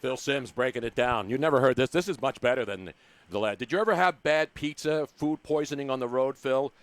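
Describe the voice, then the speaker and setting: A man's voice: mid-range voice, no echo. A male radio host chatting casually with his guest, joking and mimicking old coaches. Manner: jokey, quick interjections, mimics old coaches.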